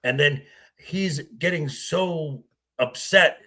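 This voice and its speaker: A man with a husky, gravelly voice, a guest in a casual film discussion, retelling scenes haltingly. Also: mid-range voice, expressive, sharp tone. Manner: halting retelling with acted quotes. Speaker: podcast guest.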